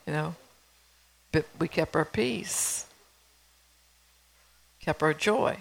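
A woman's voice: mid-range voice, moderate pace, gravelly, long pauses, rough recording. A woman preaching a sermon in a conversational way, reading scripture and telling stories from her own home life.

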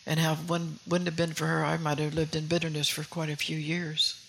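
A woman's voice: low voice, flat delivery, fairly quick, creaky, a bit bright, slight background noise, poor audio. A woman preaching a sermon in an earnest way, often repeating and restarting phrases and putting questions to her listeners.

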